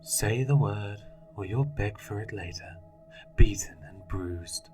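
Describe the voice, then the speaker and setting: A man performs a sinister spirit in a horror story that hisses every threat in a slow, mocking whisper. It sounds low and close, menace dragged out across every word. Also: darkish tone, faint music behind, lightly acted. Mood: taunting. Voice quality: hissing whisper. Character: sinister whispering male spirit, taunting and cruel.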